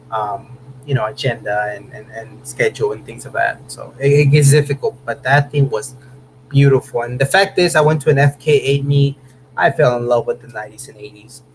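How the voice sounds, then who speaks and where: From a room in his home, an easygoing Southern Californian host of a car channel livestream chats through viewer comments, dropping "man" and "bro" often and laughing in bursts. He sounds laid-back and chatty, with a mid-range voice and a brisk pace. The recording is low quality, with a faint hum beneath him.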